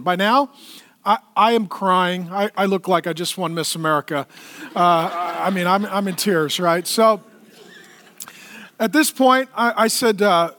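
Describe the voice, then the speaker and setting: A middle-aged man, a pastor, preaching a sermon in a conversational, animated way and joking with the congregation. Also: high-pitched, unhurried. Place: church auditorium. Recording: long reverb of a large hall.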